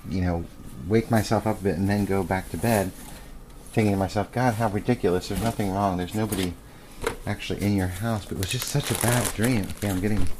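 A man's voice: lowish voice, darkish tone. A man chatting casually in a home vlog, rambling and restarting often while he paints his kitchen. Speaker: podcaster. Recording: roomy kitchen echo, faint noise.

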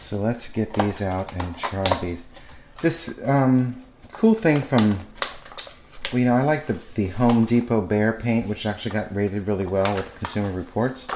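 A man's voice: on the low side, unhurried. A man chatting casually in a home vlog, rambling and restarting often while he paints his kitchen. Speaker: podcaster. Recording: roomy kitchen echo, faint noise.

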